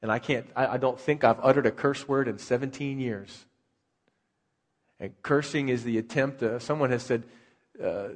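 In a reverberant hall, a man with a medium-pitched voice speaks at a normal pace. He is a pastor giving a sermon in a conversational style, asking rhetorical questions along the way.

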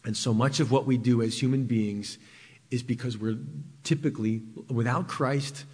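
A man preaching a sermon in a church, telling a personal story and moving between loud emphasis and quiet, intimate passages. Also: mid-range voice, fairly even intonation, moderate pace, slightly rough, in a large hall. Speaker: pastor. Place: church sanctuary.

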